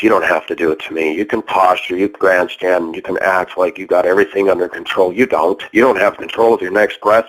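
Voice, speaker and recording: This is a man with a somewhat low voice who hosts a call-in show. He argues heatedly with a caller and lectures him in a preachy, confrontational manner. He fires pointed questions at the caller and does not let up. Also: rough recording.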